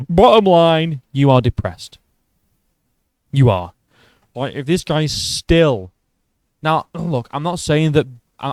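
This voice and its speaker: A man's voice: medium pitch, darkish tone, dry recording. Sarcastic man ranting. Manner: profane, sarcastic and mocking. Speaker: MMA video host. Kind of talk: casual opinion rant.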